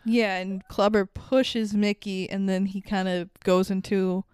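A woman's voice: mid-range voice, level tone, measured pace, a little mellow, smooth, dry recording, studio quality. Blunt, sweary woman co-host, clean voice. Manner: blunt, sweary, laughs while recounting scenes. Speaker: podcast co-host. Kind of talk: casual chat.

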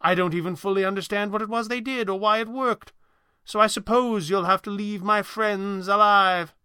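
A man's voice: high-pitched, steady tone, moderate pace, bright, forceful tone, clear, resonant tone, dry recording, pitched above the performer's own voice. A man voicing a composed male sorcerer who answers threats with dry, amused mockery. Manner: dry, amused, lightly mocking.

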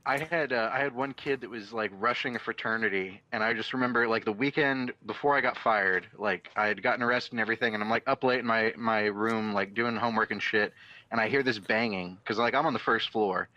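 A man chatting casually on a podcast, telling profane, animated stories. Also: on the low side, a little fast, lo-fi sound. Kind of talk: casual chat.

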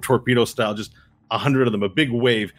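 A man running a tabletop game as game master, narrating a space battle in an excited, rambling way full of fillers. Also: medium pitch, brisk.

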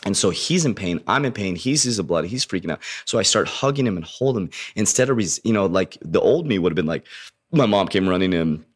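A man's voice: low-pitched, animated, brisk. A man telling a personal story in an earnest, profane way with a slight lisp from an injured tongue, calling his listeners warriors. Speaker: motivational speaker.

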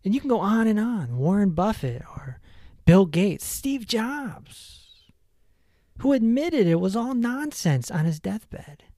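A man hosting a self-help podcast, talking in an emphatic, animated way and laughing at his own stories. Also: high-pitched, slow, no room sound, clean studio sound. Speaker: podcast host. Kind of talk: casual self-help monologue.

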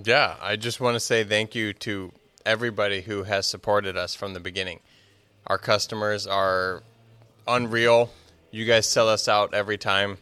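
A man with a low but bright voice talks on a casual podcast, relaxed and joking, with some swearing. The sound is dry and close. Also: moderate pace, clear, resonant tone, no echo. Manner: laid-back, joking, swearing. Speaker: podcast co-host.

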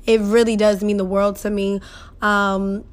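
A woman's voice: medium pitch, little pitch movement, unhurried. A young woman hosts her podcast in casual chat. She reads listener messages aloud and talks through them in a loose, emotional way, laughing easily as she reacts. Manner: emotional, laughing, colloquial and chatty. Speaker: podcast host.

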